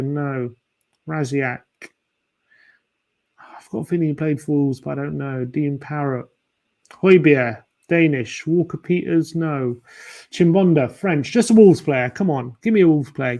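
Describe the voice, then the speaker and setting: A man with a fairly high, darkish voice runs a fan channel livestream, chatting casually and muttering his guesses while playing a quiz.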